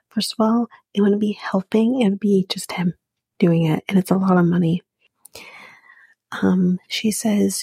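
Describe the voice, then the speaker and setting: A woman's voice: mid-range voice, fairly even intonation, takes it slowly, creaky, long pauses, a little mellow, slightly rough, dry recording. A woman podcast host giving a blunt, profane, opinionated recap of a reality show in casual chat, often dropping to a half-whisper.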